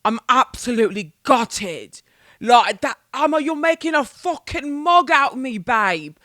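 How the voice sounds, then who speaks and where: A woman's voice: sits high, sing-song, measured pace, pushed and bright, no echo, clean studio sound, heavily acted. A woman doing a comedic impression of an overdramatic, swearing young British woman, theatrical outrage in every line. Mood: mock outrage. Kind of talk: comedic impression in a podcast monologue.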